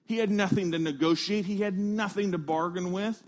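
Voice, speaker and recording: A man preaching a sermon, earnest and emphatic, leaning on slow, stressed phrases. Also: high-pitched, fairly even intonation. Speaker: pastor.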